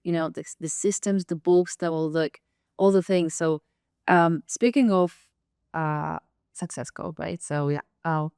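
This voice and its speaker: Smooth-voiced woman host, gently halting. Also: deep voice, no room sound, studio quality. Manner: supportive, gentle, halting phrasing. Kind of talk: casual conversational interview.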